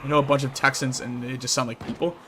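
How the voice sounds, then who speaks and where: Bright-voiced young Midwestern man. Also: medium pitch, little pitch movement, fast talker, slight background noise. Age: young adult. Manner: rambling, filler-heavy. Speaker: streamer. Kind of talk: casual chat on a live stream.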